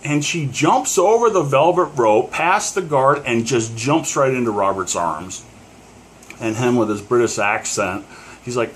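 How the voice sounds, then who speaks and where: A man's voice: medium pitch, expressive, a little slow, a little hiss or hum. A middle-aged man from Pennsylvania telling a story casually to the camera, rambling with many fillers and chuckles. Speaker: collector.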